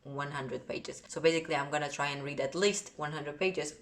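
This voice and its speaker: A woman with a Portuguese accent talks through books in a casual vlog, earnest and chatty. Her voice sits low, and she often trails off mid-thought. She is recorded on a phone or camera set on a tripod. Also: fairly even intonation, a little fast. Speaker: book vlogger.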